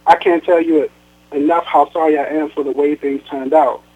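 A stern, guilt-tripping old mother on the phone , as a man reads her out, dry and sarcastic with her child. The line is thin and tinny, like a phone call. Her voice his voice sits a touch high. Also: steady tone, normal speed, lightly acted. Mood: reproachful. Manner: sarcastic, reproachful, then sweet.

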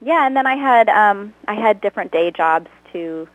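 A woman's voice: mid-range voice, lively intonation, moderate pace, no room sound, rough recording. A woman guest, a comedy actor, chatting casually in an interview, laughing often and talking about herself with self-deprecating humor. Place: Los Angeles.

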